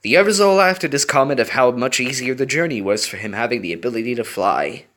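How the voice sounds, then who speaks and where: A man reading fan fiction aloud in an expressive, storytelling way. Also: medium pitch, quick pace. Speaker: reader.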